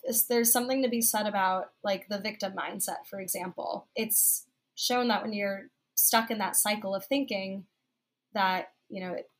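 A woman's voice: mid-range voice, fairly even intonation, normal speed. A woman hosting a podcast, asking long, curious questions in a casual way. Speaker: podcast host.

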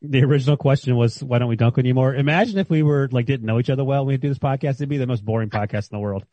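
A man in his forties co-hosting a sports podcast, teasing his friends in quick banter. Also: medium pitch, mellow, dry recording, highs cut off. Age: 40s. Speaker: podcast co-host.

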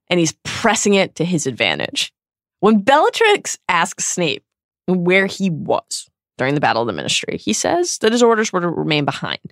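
A woman co-hosting a podcast, animated and laughing often as she discusses a book. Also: mid-range voice, dry recording, clean studio sound. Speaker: podcast co-host.

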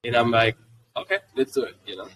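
Speaking in a mid-range voice, this podcast guest, a man in his forties with a German accent, shares casual stories with plenty of animation. He keeps slipping into quick impressions of his kids' words, and the audio sounds slightly far from the mic, like a convention booth recording.

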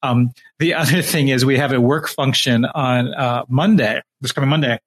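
A man co-hosting a casual chat, telling stories in a rambling, halting way. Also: medium pitch, fairly even intonation. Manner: rambling, halting, full of restarts. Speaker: podcast co-host.

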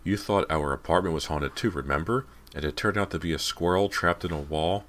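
A man's voice: low voice, fairly quick, a bit bright. A man voicing a teenage girl in an audiobook, a joking older sister with a teasing, wry manner. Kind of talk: audiobook character voice.

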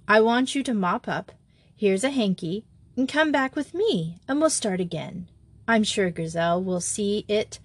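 A brisk, kindly English schoolgirl with a hearty, coaxing manner, as a woman reader plays her. The slow, even delivery keeps her comforting and steady. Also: medium pitch, no room sound.

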